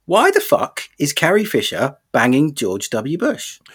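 A man's voice: a little high, huge pitch swings, measured pace, fairly bright tone, slightly rough. A man co-hosting a casual film chat, joking, swearing and slipping into impressions. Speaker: podcast co-host.

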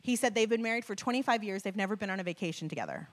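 A young woman giving a sermon as a casual, chatty story, full of filler likes and animated retelling. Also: mid-range voice, racing, hardly any pauses. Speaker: church speaker.

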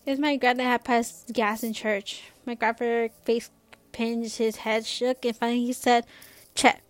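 A woman's voice: a little high, level tone, moderate pace. A young woman reading a novel aloud in a casual way, stumbling now and then. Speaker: reader.

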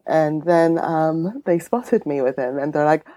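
A woman's voice: unhurried, warm tone. A woman chatting casually as a podcast guest, bubbly, with lots of fillers and laughter. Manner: bubbly, swooping pitch, many fillers and laughs. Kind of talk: casual chat.

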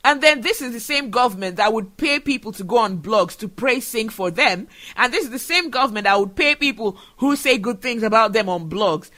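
A man's voice: sits high, animated, fairly quick, hardly any pauses, pushed and bright. A man from Nigeria, hosting a solo podcast and talking in an earnest, emotional way. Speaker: show host.

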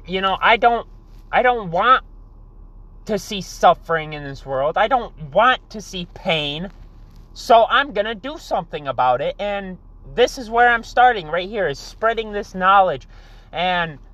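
A man's voice: high voice, fairly bright tone, lo-fi sound. A young man giving an intense, profane motivational rant, repeating himself and saying "dude" a lot. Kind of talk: passionate motivational rant to camera.

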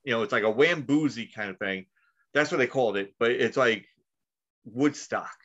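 Heard through dull lo-fi audio, this man has a medium-pitched, fairly bright voice at normal speed. Hosting a relaxed podcast, he tells long, rambling, profane stories and laughs at his own tales.

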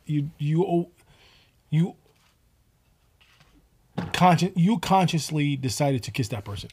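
A man's voice: fairly high pitch, lively intonation, darkish tone, slight background noise. A young man co-hosting a casual podcast chat, often breaking off and restarting as he makes his points. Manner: halting, restarts often while making a point. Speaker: podcast co-host.

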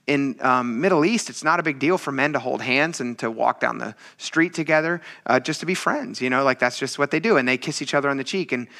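A man's voice: mid-range voice, brisk, creaky, few pauses, bright, forceful tone. A man preaching a casual sermon in a chatty, teasing, self-mocking way. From military veteran. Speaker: pastor.

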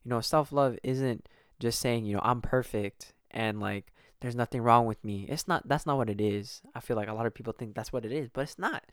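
A man's voice: medium pitch, a little fast, no room sound, clean studio sound. Laid-back profane young man podcasting. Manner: casual, profane, rambling with restarts. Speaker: podcast host. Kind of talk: casual solo podcast chat.

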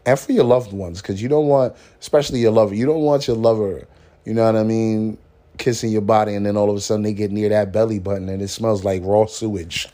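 A man's voice: fairly low pitch, fairly even intonation, a little fast, dark tone. A man hosting a casual motivational podcast, talking in a laid-back, slangy way, swearing freely and laughing at his own stories. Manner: slangy, says "man" often. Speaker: podcast host.

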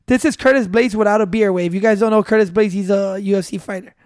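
Loud joking man, dry sound. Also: sits high, fairly even intonation, quick pace, clean tone, no echo. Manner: loud, joking, profane, switches into Spanish. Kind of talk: casual banter.

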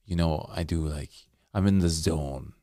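A man hosts a relaxed interview. His voice is very deep, and his questions ramble along, padded with lots of "like". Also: unhurried, no room sound, studio quality. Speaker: host. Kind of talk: casual interview chat.

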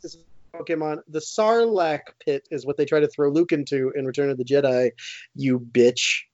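Male co-host, higher register, teasing and jokey, dull dry home recording. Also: darkish tone, no echo. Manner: teasing, quick to jab and laugh. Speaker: podcast co-host. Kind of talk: casual chat.

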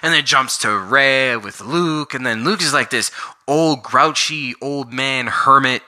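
Sharp-voiced man ranting casually. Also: mid-range voice, a little slow. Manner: rambling, filler-heavy, exasperated. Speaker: vlogger reviewing a movie. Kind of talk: casual rant.

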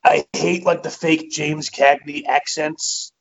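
Blunt, halting male co-host, dull recording. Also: a little high, level tone, gravelly, a crowd in the background. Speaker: podcast co-host. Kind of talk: casual podcast chat. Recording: dull lo-fi sound.

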